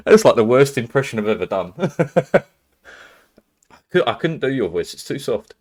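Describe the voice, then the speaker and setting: A man's voice: mid-range voice, animated, a little fast. A British man chatting casually to his live-stream viewers, rambling, swearing freely and laughing often. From Britain. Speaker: livestreamer.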